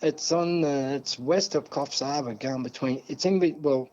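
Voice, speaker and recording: A man's voice: fairly high pitch, normal speed, a little mellow, lo-fi sound. A man with an Australian accent, a guest telling a long, rambling story in a casual interview, full of asides.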